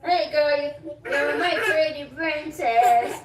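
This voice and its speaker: A woman's voice: high-pitched, slow pace, distant mic, over music. A woman chatting casually on a livestream while playing with her kids, teasing and laughing. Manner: playful, teasing, breaks into laughter. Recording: echoey room from off-mic.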